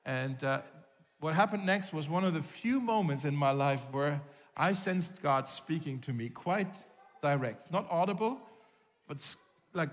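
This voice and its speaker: A man preaching a sermon as a pastor, telling a personal story in a lively way and acting out the voices of the people he quotes. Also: a little high, measured pace, long pauses. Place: church hall. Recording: long reverb of a large hall.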